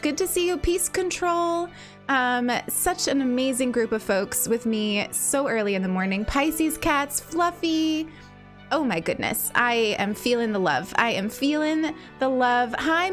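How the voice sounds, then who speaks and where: A woman hosting a livestream in casual chat. She greets viewers in a bubbly way, repeats her phrases and laughs often, and has a slight morning cough. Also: high-pitched. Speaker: livestream host.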